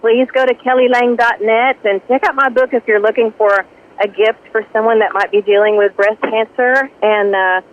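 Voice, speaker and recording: A woman's voice: on the high side, normal speed. A woman with a Southern US accent, a country singer telling stories in a casual interview, laughing often. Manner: lively storyteller, laughs often. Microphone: phone. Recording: tinny phone line.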